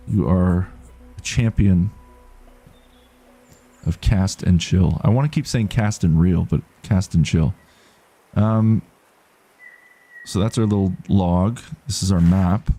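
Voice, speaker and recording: A male game streamer talks casually through his playthrough and reads out viewer messages as they come in. His voice is low, dark and mellow, with a gravelly, husky grain. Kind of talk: casual gaming commentary.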